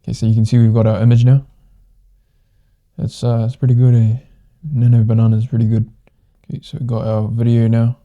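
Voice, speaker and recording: A man hosting a casual software tutorial, talking loosely and thinking aloud as he clicks through a demo. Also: medium pitch, monotone, a little fast, phone-quality sound. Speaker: tutorial host. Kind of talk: casual screen-recorded software walkthrough.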